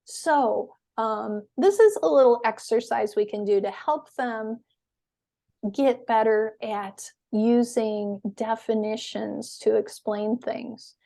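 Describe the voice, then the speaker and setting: Lady teaching english online, kinda high voice, talks real slow n patient. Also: mellow. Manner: slow, patient, clearly stressed explanations. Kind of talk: webinar teaching.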